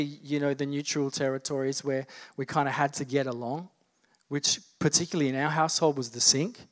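A man in his thirties preaching a sermon, telling humorous childhood stories in a loose, conversational way before building to fervent preaching. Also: a little high. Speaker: pastor.

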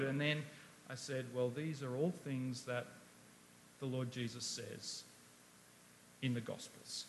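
A man's voice: mid-range voice, steady tone, a little slow, pauses often. A man preaching a sermon, emphatic, asking rhetorical questions and reading scripture aloud.

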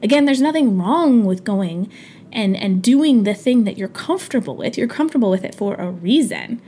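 A podcast host, a woman in her thirties, sounds animated and warm as she delivers a chatty, earnest motivational talk at a moderate pace. Her voice sits at medium pitch, she uses lots of fillers and restarts, and the audio carries a faint hiss or hum.

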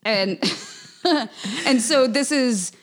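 A woman's voice: high voice, very slow. A woman co-hosting a casual podcast, chatty and playful, sometimes reading aloud with mock drama. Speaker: podcast co-host.

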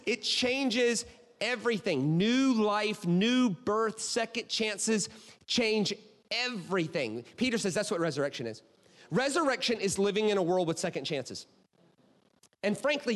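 A man preaching a sermon as a pastor, animated and chatty, checking in with the crowd by asking "right?" and "okay?" again and again. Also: high-pitched. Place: church auditorium. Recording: reverberant hall.

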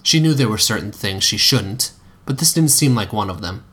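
A man's voice: lowish voice, expressive, normal speed, a bit bright, slightly rough. A man narrating a story aloud, reading steadily with occasional slips and restarts.

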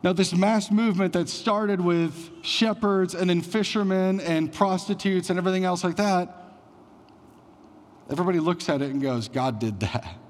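Brief: male pastor, slightly high voice, casual conversational preaching, long church-hall reverb. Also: steady tone, moderate pace. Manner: conversational preaching with frequent "like" fillers. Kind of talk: sermon.

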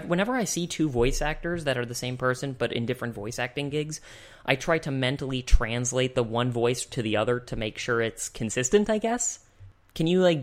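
A young man hosting a podcast, talking casually into a desk microphone, rambling and chuckling often. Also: medium pitch. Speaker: podcast host. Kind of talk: casual chat.

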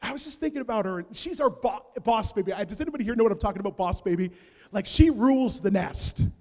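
A man with a fairly high voice preaches in a big hall, and his words ring out with a long echo. He tells his story with comic energy, going from quiet asides to loud bursts. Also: quick pace. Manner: animated comic storytelling, big swings in loudness. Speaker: pastor. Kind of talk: sermon. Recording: long reverb of a large hall.

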